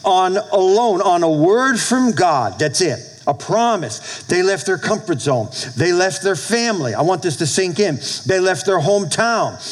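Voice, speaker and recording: Animated man preaching a sermon. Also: sits high, rough recording. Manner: animated preaching with call-and-response asides. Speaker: pastor. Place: church with a congregation.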